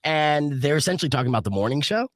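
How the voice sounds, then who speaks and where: A man's voice: on the high side, expressive, rapid-fire, dry recording, clean studio sound. A man from New Jersey hosting a radio morning show podcast, talking in a brash, casual way and swearing freely.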